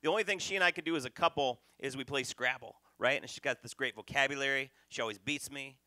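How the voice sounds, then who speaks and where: Bright-voiced man doing stand-up. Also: mid-range voice, fast, no echo. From North Carolina, USA. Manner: punchy, loud crowd work. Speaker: stand-up comedian. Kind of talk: stand-up comedy set. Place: comedy club stage.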